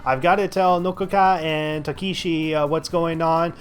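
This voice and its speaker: A man reading aloud the lines of a brash, hot-headed teenage boy from a video game, blunt and rough-spoken. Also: fairly high pitch, steady tone, normal speed, natural voice. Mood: gruff.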